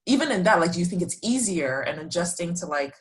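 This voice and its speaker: A young woman from Nigeria hosting a casual podcast chat, chatty and quick to laugh. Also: fairly low pitch. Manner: laughs often, chatty and animated. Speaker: podcast host.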